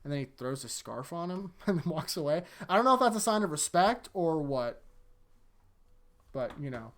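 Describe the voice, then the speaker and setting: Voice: medium pitch, animated, a bit bright. Chatty anime recap host. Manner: retells scenes by acting out quick character lines; chatty, laughs often, frequent fillers. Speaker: anime rewatch reviewer. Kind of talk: casual episode recap.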